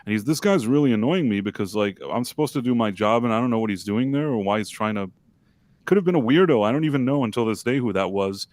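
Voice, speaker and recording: A man's voice: mid-range voice, lively intonation, quick pace, darkish tone, dry recording. Man, livestream co-host, casual storytelling, rambling, lots of ums and restarts, self-deprecating, dry close mic. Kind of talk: casual storytelling on a live stream.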